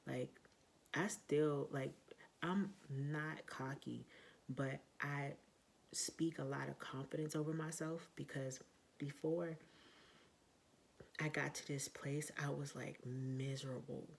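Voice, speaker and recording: A woman talking in a casual vlog monologue, blunt and profane, with lots of fillers and emphatic, loud outbursts. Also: low voice, steady tone, slow, gravelly, long pauses, slight background noise. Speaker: vlogger.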